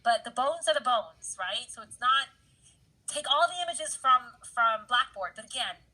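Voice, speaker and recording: A woman's voice: on the high side, animated, normal speed, bright, forceful tone, rough recording. A woman instructor giving a casual anatomy lab lecture over slides, chatty and often checking in with her students. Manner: chatty, keeps checking in with "right, guys?"; laughs easily at her own jokes.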